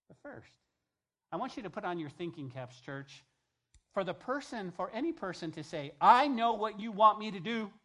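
A male pastor preaching a sermon, emphatic, repeating key phrases and swinging between loud and hushed delivery. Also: fairly high pitch.

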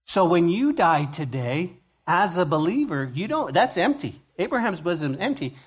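Fairly high-voiced male preacher teaching. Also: moderate pace, slightly rough. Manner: conversational and expressive, swings from hushed to emphatic. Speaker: pastor. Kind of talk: sermon, verse-by-verse Bible teaching.

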